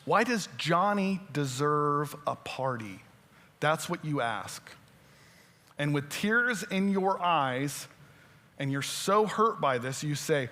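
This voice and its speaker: Guy preaching a sermon, fairly high voice, chatty and keeps asking the crowd stuff, big echoey church. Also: lively intonation, takes it slowly, pushed and bright. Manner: conversational, quizzes the audience. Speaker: pastor. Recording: long church-hall reverb.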